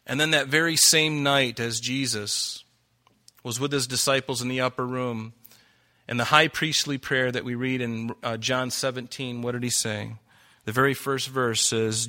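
A man's voice: medium pitch, normal speed, pushed and bright. A man preaching a sermon, reading scripture aloud and pressing his listeners with emphatic rhetorical questions. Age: adult. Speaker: pastor.

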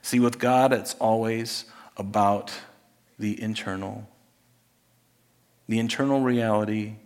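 A man preaching a sermon as pastor, conversational, dropping to hushed asides and rising to emphatic points. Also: fairly low pitch, steady tone, slow pace. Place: church sanctuary. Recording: long hall reverb.

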